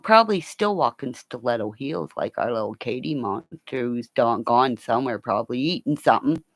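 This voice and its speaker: A woman's voice: deep voice, gravelly, no room sound. Older woman, livestream sign-off, rambling, crude jokes, dry close sound, computer mic at home. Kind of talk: casual livestream sign-off chat.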